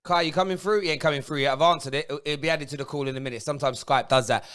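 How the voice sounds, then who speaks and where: A man's voice: on the high side, steady tone, rapid-fire, smooth. A man hosting a football fan phone-in, ranting and swearing at viewers. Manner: ranting, swearing, shouting at fans. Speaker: football talk show host.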